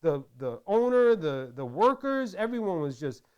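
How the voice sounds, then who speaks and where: Man, casual craft tutorial, rambling chatty storyteller, slightly high voice. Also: very animated, moderate pace, smooth, lo-fi sound. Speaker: craft vlogger.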